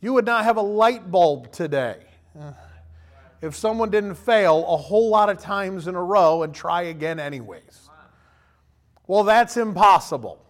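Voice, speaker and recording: A man in his thirties delivers a sermon in a loose, conversational way, his voice sitting high for a man. He keeps breaking into little acted-out voices of the people he quotes. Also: expressive, a little slow. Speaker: pastor.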